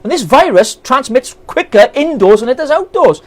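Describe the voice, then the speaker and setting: A man's voice: extremely high pitch, very animated, moderate pace. A Welsh man, a political campaigner, ranting with passion and indignation on a live stream, firing off rhetorical questions. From Wales. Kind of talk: impassioned live-stream rant.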